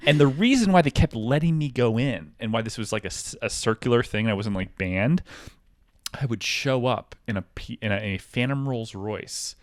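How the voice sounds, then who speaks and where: A man's voice: mid-range voice, animated, moderate pace, no room sound, clean studio sound. A man in his thirties co-hosting a podcast, telling rambling comic stories full of fillers. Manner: rambling, filler-heavy, mimics voices in anecdotes. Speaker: podcast co-host. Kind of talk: casual comedic storytelling.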